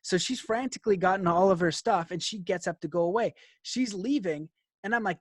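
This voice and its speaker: Animated high-voiced man telling a story. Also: fairly quick, no room sound, clean studio sound. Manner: animated, laughs often, frequent "like". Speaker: guest. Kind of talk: storytelling in an interview.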